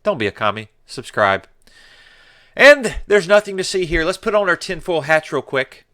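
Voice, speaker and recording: A man's voice: on the high side, big pitch swings, moderate pace, sharp tone, dry recording, studio quality. A man hosting a political commentary show, combative and sarcastic, with mocking exclamations.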